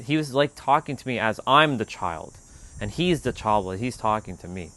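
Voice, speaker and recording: A man hosting a spiritual livestream, telling a personal story in a relaxed, rambling way with lots of "like.". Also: on the low side, moderate pace.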